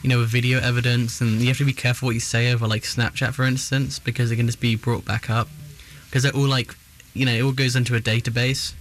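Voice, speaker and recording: A man's voice: medium pitch, level tone, fast, a little hiss or hum. A young man from England with an English accent, co-hosting a casual chat and rambling with many fillers. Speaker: co-host.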